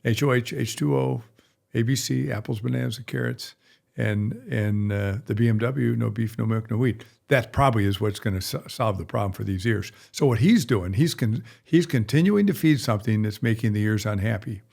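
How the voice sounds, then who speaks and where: A man's voice: medium pitch, a little fast, creaky, darkish tone. A middle-aged male veterinarian chatting on a podcast, rambling and folksy with blunt asides. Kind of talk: casual podcast chat.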